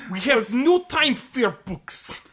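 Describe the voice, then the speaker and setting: A man's voice: extremely high pitch, big pitch swings, slow, fairly bright tone, pitched above the performer's own voice, heavily acted. A man putting on a comic Russian accent to voice a stern Soviet man who scorns capitalism. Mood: mock-stern. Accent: mock Russian. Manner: declaiming, mock-stern.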